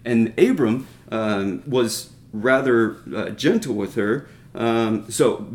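Slowly and with few pauses, a medium-pitched man teaches from the Bible in a conversational, earnest way. He keeps restarting, tossing in rhetorical asides and returning to points he wants his audience to notice. The recording sounds roomy and echoey.

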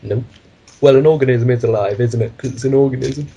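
A man's voice: medium pitch, brisk, creaky, dark tone, lo-fi sound, slight background noise. A man co-hosting a casual podcast chat, rambling through meandering explanations of his own ideas. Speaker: podcast co-host.

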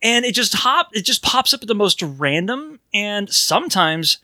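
A man's voice: high voice, big pitch swings, normal speed, bright, forceful tone, no echo. A man co-hosting a podcast in casual chat, joking around, laughing often and making wry asides. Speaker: podcast co-host.

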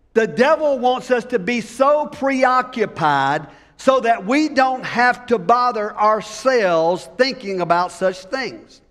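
A man's voice: high voice, a bit bright. A male pastor preaching an emphatic sermon and drawing call-and-response from his congregation. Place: church sanctuary. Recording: long church hall reverb.

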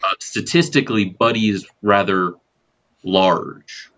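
A man playing a tabletop game, asking questions and rolling dice with wry, deliberate talk. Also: on the low side, fairly bright tone. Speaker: player. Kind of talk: casual tabletop game play.

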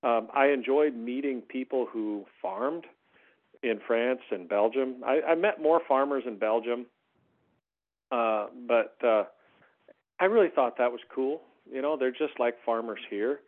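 An American man telling stories in a casual conversation as a podcast guest, his voice jumping up high when he makes a point. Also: measured pace. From United States. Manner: animated storyteller, voice rising high on emphasis. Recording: tinny phone-line sound.

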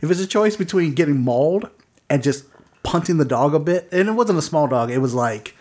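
Guy on a podcast, rambly and laughy, pitch jumps all over. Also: lively intonation, a little fast, a little mellow. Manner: rambling, laughs often, restarts sentences. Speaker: podcast co-host. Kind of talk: casual chat.

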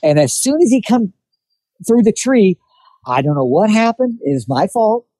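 Speaking at a moderate pace in a high-pitched voice, a man shares a hunting story during a casual chat. He's an animated storyteller who acts out what others said, heard on poor audio with no echo.

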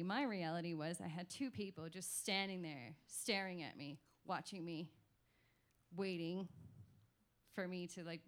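A woman telling a personal story on stage, candid and emotional, swearing freely. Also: lowish voice.

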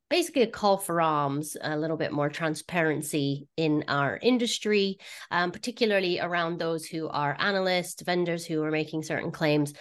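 A woman with a somewhat low voice hosts a podcast in easy, conversational chat. She talks informally and drops slangy asides as she goes. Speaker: podcast host.

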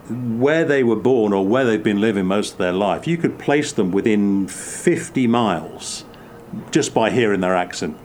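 Man with an English Midlands accent, low-pitched, thoughtful conversational host. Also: a little hiss or hum. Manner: reflective, many restarts, animated bursts. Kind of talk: casual chat.

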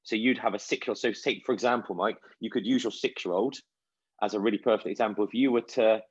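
Brief: man, low husky voice, talkative storyteller, dry dull lo-fi recording. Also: quick pace, dry recording. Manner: chatty, anecdotal, animated storytelling. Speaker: children's nutrition and fitness coach. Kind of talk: casual interview answers. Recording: dull, lo-fi sound.

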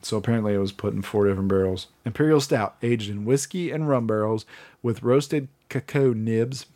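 A man's voice: on the low side, fairly quick, dark tone. A man co-hosting a podcast in casual chat, joking, laughing often and swearing freely. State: drinking beer. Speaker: podcast co-host.

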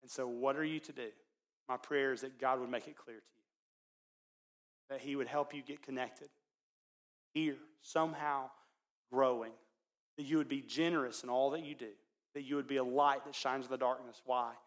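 A man preaching as a pastor, telling a story in his sermon and swinging between loud, excited passages and hushed ones. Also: medium pitch, normal speed, pauses often.

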